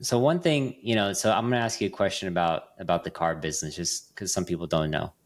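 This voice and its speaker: This Las Vegas podcast host has a low-sitting voice and speaks quickly. He chats casually as he tells stories, often restarting and using plenty of fillers.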